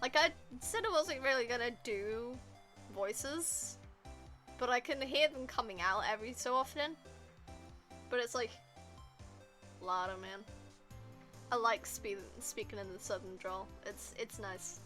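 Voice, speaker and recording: Bright-voiced young woman streamer. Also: a little high, a little slow, long pauses, soft background music. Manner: rambling, filler-heavy, giggly. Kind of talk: casual gameplay chat.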